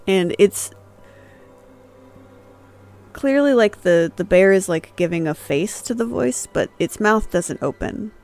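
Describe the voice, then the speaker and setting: A game master calmly narrating scenes in a tabletop game, with some fillers. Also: mid-range voice. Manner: calm descriptive narration with fillers.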